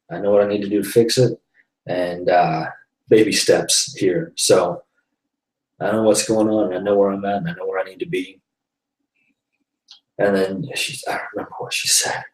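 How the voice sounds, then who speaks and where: Guy rambling through a story on his live show, lowish voice, sounds far from the mic in an echoey room. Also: steady tone, unhurried, long pauses. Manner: rambling storytelling with frequent sighs and laughs. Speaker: host of a live web broadcast. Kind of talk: casual faith-based monologue. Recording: roomy echo, voice off the mic.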